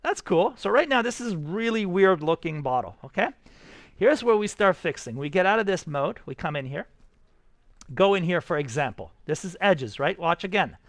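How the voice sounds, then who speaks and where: A man's voice: high-pitched, lively intonation, normal speed, dry recording. A man teaching a live class, upbeat and coaxing, talking his students through each step. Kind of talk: live classroom software tutorial.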